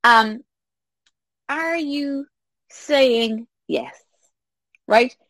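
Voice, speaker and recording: A woman's voice: sits high, extremely slow, no echo. A woman, talking casually to listeners as a business coach and acting out little quoted exchanges. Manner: animated, acts out little quoted exchanges with laughs.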